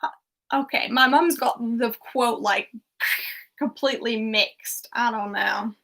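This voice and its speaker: A chatty young woman hosts a quiz over a livestream, her voice sitting a little high. She reads out answers casually, with small laughs and asides. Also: measured pace, a bit bright, a little hiss or hum. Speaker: pub quiz host.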